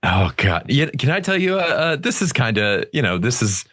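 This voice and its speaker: A man's voice: mid-range voice, very animated, normal speed, a bit bright. A young man co-hosting a podcast, telling rambling stories in casual chat, swearing and laughing mid-sentence. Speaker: podcast co-host.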